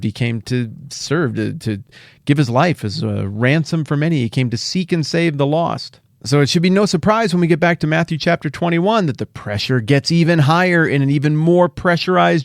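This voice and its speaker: A middle-aged man hosting a podcast, teaching the Bible in a casual, animated way with jokey asides and playful paraphrases. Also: mid-range voice, vocal fry, dry recording, studio quality.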